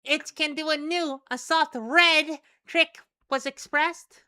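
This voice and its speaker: A squeaky little creature voice. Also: female voice, steady tone, slow pace, pushed and bright, heavily acted. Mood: earnest. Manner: squeaky, singsong, garbled phrasing. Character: tiny chirping creature repeating broken phrases. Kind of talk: reading a webcomic aloud with voices.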